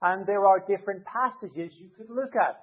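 High-voiced preacher, tinny sound. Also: male voice, normal speed. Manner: explains with everyday hypothetical scenarios. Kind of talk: conversational sermon. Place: church. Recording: tinny narrow-band sound.

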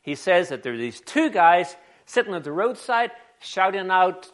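Animated preacher. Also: male voice, high-pitched, normal speed, few pauses. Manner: animated storytelling, conversational. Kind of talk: sermon.

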